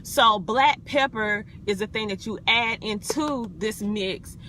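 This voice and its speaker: A woman's voice: medium pitch, slow, pushed and bright, slight background noise. A woman from South Carolina with a Southern accent, chatting casually on a live video from inside her car, folksy and full of ums. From South Carolina, USA. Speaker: wellness vlogger.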